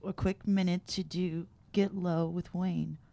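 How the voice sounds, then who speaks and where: A woman chats as a guest on a relaxed podcast. Her voice sits a little low. She speaks in an easygoing way and teases her bandmate. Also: a little slow, vocal fry. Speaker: band member guest. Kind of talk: casual interview chat.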